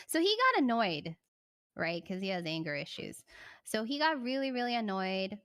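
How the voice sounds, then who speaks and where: A young woman livestreaming, telling a story in casual, animated chat and breaking off to thank viewers. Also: a little high, fairly quick, clean tone, no room sound, studio quality.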